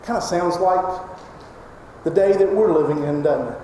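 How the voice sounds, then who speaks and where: High-voiced preacher in an echoing hall. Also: male voice, normal speed, pauses often, mellow. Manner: emphatic preaching, rising to cries when quoting scripture. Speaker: pastor. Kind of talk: sermon. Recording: echoey hall reverb, faint noise.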